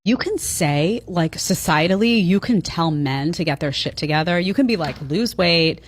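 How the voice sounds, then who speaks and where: A woman giving opinions in a podcast-style talk, animated and using lots of "like". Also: on the low side, moderate pace, a little hiss or hum. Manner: animated, mocking quoted voices, filler "like".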